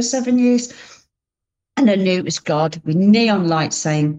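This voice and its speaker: A woman's voice: fairly low pitch, measured pace, darkish tone, highs cut off. A woman giving a heartfelt personal testimony as an interview guest, speaking earnestly and often restarting her sentences.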